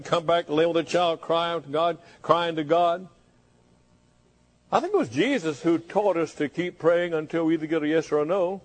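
A man preaching a fervent sermon, reading scripture and pressing the congregation with questions. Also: on the high side. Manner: fervent, rising to impassioned questioning.

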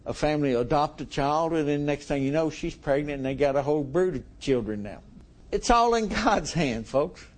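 Folksy man preaching, slow delivery. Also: a little high. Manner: folksy, chuckles to the congregation. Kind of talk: sermon.

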